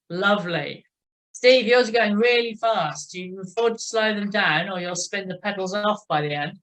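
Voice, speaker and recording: A woman leading a cycling exercise class, encouraging riders and counting out a steady tick-tock rhythm. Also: medium pitch, moderate pace. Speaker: cycling instructor.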